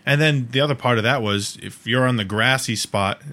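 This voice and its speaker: A podcast co-host with a mid-range voice talks fairly quickly. In casual chat, he tells long stories as an animated storyteller, rambling and correcting himself as he goes.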